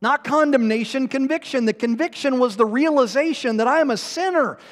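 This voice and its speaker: A man's voice: very high-pitched, brisk. A man preaching a sermon as pastor, emphatic and self-deprecating with bits of humor. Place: church sanctuary. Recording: long reverb in a hall.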